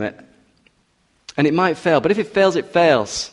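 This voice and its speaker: A man's voice: fairly high pitch, big pitch swings, measured pace, in a large hall. A man preaching an expository sermon, walking through a passage verse by verse with teasing asides and emphatic urging.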